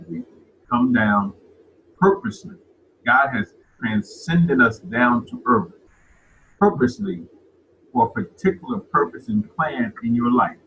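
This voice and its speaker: A man's voice: medium pitch, a bit bright, a little hiss or hum, poor audio. Man preaching with repeated words. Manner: repeats words as he builds a point. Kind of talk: sermon.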